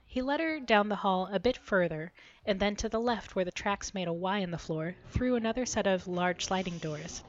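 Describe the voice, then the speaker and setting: Expressive woman co-host, lo-fi audio. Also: mid-range voice, moderate pace. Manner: expressive, giggly. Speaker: podcast co-host reading a story aloud. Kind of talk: dramatic reading with banter.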